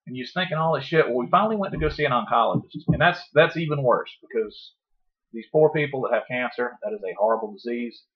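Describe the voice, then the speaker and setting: A man telling a long story in casual podcast talk, profane and animated, acting out his own past words. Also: mid-range voice, fast talker. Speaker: podcast guest. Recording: dull lo-fi podcast audio.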